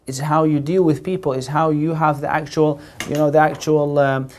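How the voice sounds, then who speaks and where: Male religious teacher, TV lesson, somewhat high voice, earnest, rephrases points, many uh fillers. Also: steady tone, moderate pace, a little mellow, slight background noise. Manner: earnest, explains by restating points, frequent "uh" fillers. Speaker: Islamic teacher presenting a TV series.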